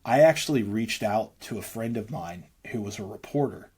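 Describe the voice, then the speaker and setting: Husky man telling his story, rambling. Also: fairly low pitch, animated, moderate pace, darkish tone. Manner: rambling, earnest, many restarts and fillers. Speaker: interview guest, musician. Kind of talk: candid storytelling interview.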